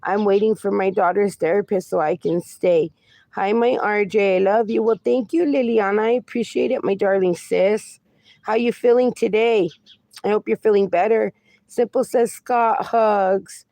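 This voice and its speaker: Gravelly-voiced woman in her forties. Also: medium pitch, steady tone, normal speed, dark tone, no room sound. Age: 40s. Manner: reads viewer comments aloud and answers them fondly; calls viewers "my darling" and "my friend". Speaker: livestream host. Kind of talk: casual livestream chat.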